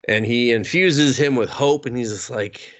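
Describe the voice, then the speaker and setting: A man's voice: medium pitch, normal speed. A man co-hosting a podcast, recapping a movie in casual chat, swearing freely and acting out the characters' lines. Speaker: podcast co-host.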